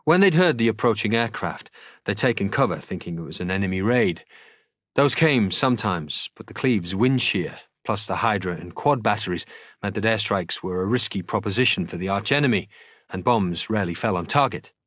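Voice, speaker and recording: Low-voiced man narrating a novel dramatically. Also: moderate pace, fairly bright tone, dry recording, clean studio sound. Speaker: streamer reading aloud. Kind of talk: audiobook-style novel reading.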